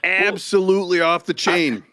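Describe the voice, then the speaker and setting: A man's voice: sits high, moderate pace, no room sound, clean studio sound. A middle-aged man co-hosting a podcast, telling stories in a casual chat and laughing often. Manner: animated storyteller, laughs often. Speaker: podcast co-host.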